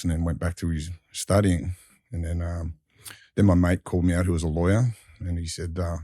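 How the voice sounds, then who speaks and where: A man's voice: low voice, flat delivery, a little fast, warm tone, no room sound, clean studio sound. A man with an Australian accent, a guest in an interview, telling his life story in a candid, rambling way with colloquial phrasing and frequent restarts. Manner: colloquial, acts out others in dialogue.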